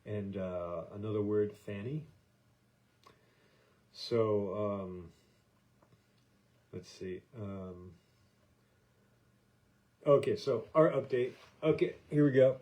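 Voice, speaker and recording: American guy doing a podcast, low mellow voice, rambly, lots of uhs and ums. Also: takes it slowly, pauses often, rough recording. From United States. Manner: meandering, hesitant, many fillers and restarts. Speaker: podcast host. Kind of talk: casual rambling monologue.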